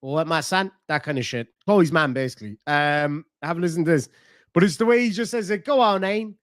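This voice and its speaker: Cork Irish man, streamer, casual rambling chat, swears a lot, slightly high voice, dry close mic. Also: a little fast, dry recording. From Ireland. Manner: rambling, swears freely, thinks aloud.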